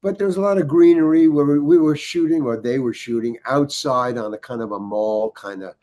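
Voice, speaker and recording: Older guy rambling through a story, lots of false starts, acting out the back-and-forth, middle pitch. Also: dark tone. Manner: halting, many restarts, acts out quoted dialogue. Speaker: guest storyteller. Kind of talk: casual anecdote telling.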